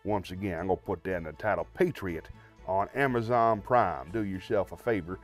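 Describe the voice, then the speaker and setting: Over faint background music, a low-voiced man hosts a livestream, chatting briskly with viewers in a friendly, rambling way full of fillers.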